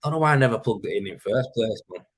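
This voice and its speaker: With a lowish voice, lively intonation and a quick pace, a man with a Yorkshire accent chats casually on a livestream while reading viewer comments. He rambles, using fillers and swearing, and his plugged-in desk mic gives poor audio.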